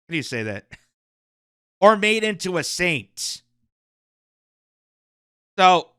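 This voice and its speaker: A man hosts his own commentary show, talking in a high voice with a clear, smooth tone. He is animated and mocking as he gives his opinions. The recording is dry and close to the mic. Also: dry recording. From Canada. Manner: animated, mocking, laughs between points. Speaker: commentary channel host.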